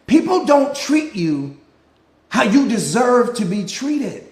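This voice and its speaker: A man with a strikingly high voice speaks as a mindset coach in a live motivational talk, preaching and repeating himself. He fires off rhetorical questions, and the room around him rings with echo. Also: sing-song, slow pace, a little mellow. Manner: greets viewers by name mid-talk.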